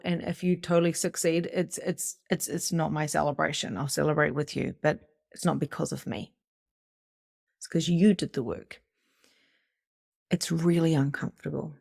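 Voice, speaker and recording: Low, gravelly woman coaching a group. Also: dry recording, clean studio sound. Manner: animated, swears freely, acts out inner voices. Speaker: psychic medium and spiritual coach. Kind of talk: casual motivational talk to a live group.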